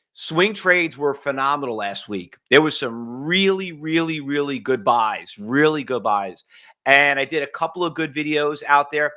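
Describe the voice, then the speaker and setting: A man with a New York accent hosting a live day-trading morning stream, chatty and excitable, his voice leaping up when he gets fired up. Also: a little high. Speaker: day trading show host. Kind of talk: live-streamed market commentary.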